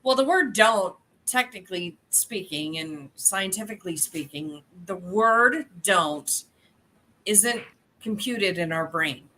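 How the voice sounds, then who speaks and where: Woman host, enthusiastic, laughs a lot, mid-pitched voice, very bright tone. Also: lively intonation, takes it slowly, a little hiss or hum. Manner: warmly enthusiastic, laughs often. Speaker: podcast host. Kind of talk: casual interview.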